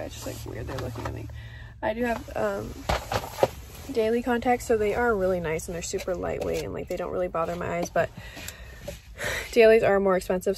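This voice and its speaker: A woman's voice: medium pitch, gravelly, a little mellow. A young woman in her twenties chatting casually to camera as a vlogger, full of "like" and "um" fillers. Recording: faint background noise.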